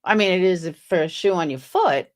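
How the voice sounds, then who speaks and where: A woman's voice: on the low side, normal speed. A woman hosting a casual livestream, chatting skeptically with viewers and reading messages aloud. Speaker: livestream host.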